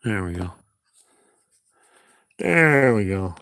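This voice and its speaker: A man talks casually through a livestream while editing, narrating to himself and to viewers as he goes. His pitch swings widely, so the chat sounds lively and animated. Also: drawn-out words, dry recording, studio quality. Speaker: livestreaming video creator.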